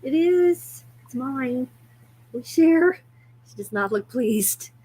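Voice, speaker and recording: A woman's voice: high voice, lively intonation, slow pace, warm tone, husky. A woman hosting a casual livestream, chatty and often breaking into laughter. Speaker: livestream host.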